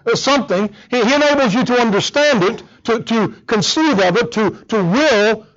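High-voiced earnest male preacher. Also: animated, moderate pace, fairly bright tone, lo-fi sound. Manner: earnest, emphatic, with frequent repetitions. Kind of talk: sermon.

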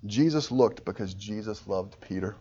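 A man preaching a sermon with passion, his voice swelling loud at high points. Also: moderate pace, highs cut off. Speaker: pastor.

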